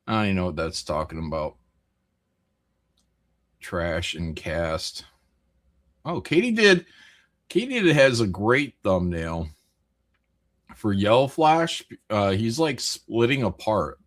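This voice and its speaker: A man's voice: on the low side, big pitch swings, takes it slowly, long pauses. A man hosting a casual live stream, rambling through chat messages with frequent jokes, laughs and swearing. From American Midwest.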